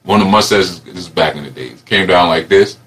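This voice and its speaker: A man telling a reflective personal story in a rambling, animated way, laughing often as he goes. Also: sits low, brisk, a little hiss or hum.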